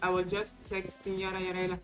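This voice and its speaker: A woman's voice: fairly low pitch, monotone, fast talker, a bit bright, poor audio. Chatty woman vlogger over background music. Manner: chatty, candid storytelling; acts out quoted exchanges. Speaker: beauty vlogger. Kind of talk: casual get-ready-with-me chat. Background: music playing.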